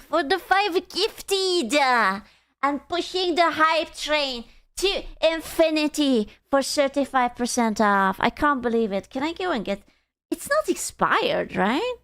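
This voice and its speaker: A woman's voice: sits high, a bit bright. A woman streamer chatting casually with her viewers, dramatic and self-deprecating, swearing freely.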